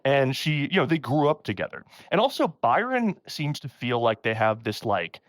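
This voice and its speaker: A man hosts a casual storytelling podcast, laughing often and jumping into a higher voice when he quotes someone. His delivery is full of pitch swings. The sound is close and dry, with no room echo. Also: moderate pace. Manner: animated, laughing often, acts out quotes in a raised voice. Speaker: podcast host.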